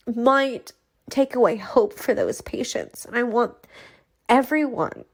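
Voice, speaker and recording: A woman in her forties, a neurologist being interviewed, speaking in an earnest, heartfelt way. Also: on the high side. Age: 40s. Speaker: neurologist guest. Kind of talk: interview conversation.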